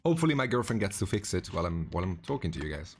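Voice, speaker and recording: A man hosting a casual live stream while painting miniatures, greeting viewers by name in a relaxed way with frequent restarts. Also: low voice, rapid-fire, husky, soft background music.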